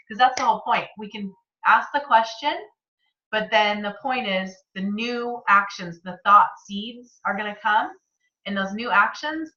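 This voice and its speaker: A woman's voice: on the high side, sharp tone. A woman leading a motivational group video call, chatty and enthusiastic, with a slightly sore, congested throat. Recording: muffled, lo-fi video call audio.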